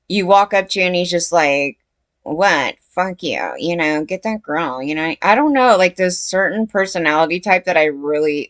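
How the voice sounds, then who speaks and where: A woman with a lowish voice talks casually to camera as a commentary vlogger, rambling with fillers and restarts. Unsure of herself, she asks questions and keeps saying she doesn't know, all in a dry recording.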